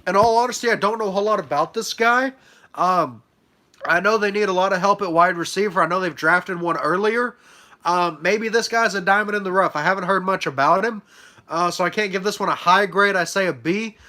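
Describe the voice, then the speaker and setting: A young man talks casually on a live stream, his nose stuffy from allergies. His voice sits high and sounds bright and forward. He fills the gaps with ums and uhs while handing out letter grades. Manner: chatty, many fillers, hands out letter grades. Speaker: livestream host reacting to a sports draft.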